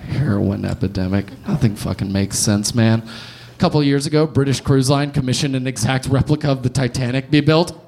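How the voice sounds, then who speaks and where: A man's voice: medium pitch, brisk, darkish tone. A young man hosting and doing stand-up on a comedy club stage, sardonic and riffing, with casual swearing.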